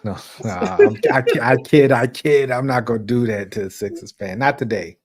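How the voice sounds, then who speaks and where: A man's voice: mid-range voice, normal speed. A man co-hosting a casual movie livestream, trading laid-back teasing banter. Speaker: co-host of a movie talk livestream.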